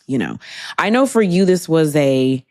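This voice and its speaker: A woman's voice: sits low, expressive, moderate pace, dark tone, no echo, studio quality. A woman co-hosting a podcast, chatting candidly and wryly about her week. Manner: candid, wry, rambling. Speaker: podcast co-host. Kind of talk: casual chat.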